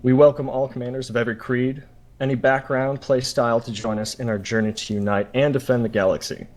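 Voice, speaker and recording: A man speaking for his player group, giving a prepared, formal pitch over a call. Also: fairly even intonation, fast. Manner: formal, speech-like delivery.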